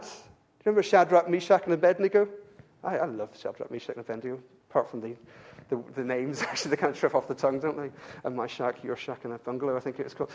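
English guy preaching, kinda high voice, earnest, repeats himself a lot when he gets fired up. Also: fairly quick, darkish tone. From England. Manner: earnest, repeats words when stirred, pitch rises with fervor. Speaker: pastor. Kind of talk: sermon.

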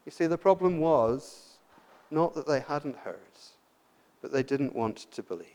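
A man preaching a sermon, moving from emphatic, raised points to quiet, pleading appeals. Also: medium pitch, lively intonation, unhurried. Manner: passionate, swings from loud emphatic to hushed pleading.

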